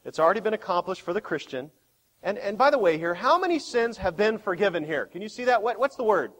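A man preaching a sermon as pastor, with dramatic swings between quiet and loud. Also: high-pitched, expressive, fast. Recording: long hall reverb.

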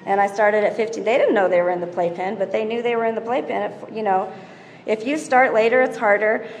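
A woman's voice: mid-range voice, steady tone, fast talker, slight background noise. A woman giving parenting advice to a live audience in a casual, chatty way, acting out scenes and quotes as she goes. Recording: echoey hall with long reverb.

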